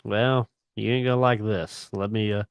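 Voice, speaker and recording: A man's voice: fairly low pitch, fairly even intonation, moderate pace, smooth, dry recording. A man co-hosting a sports radio show, blunt and opinionated as he rants about games. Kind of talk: casual sports chat.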